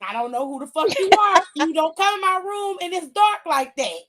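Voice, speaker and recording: Blunt, profane woman with a high voice. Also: expressive, moderate pace, noisy background. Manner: loud, blunt and profane, laughing often. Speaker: stream co-host. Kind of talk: casual chat.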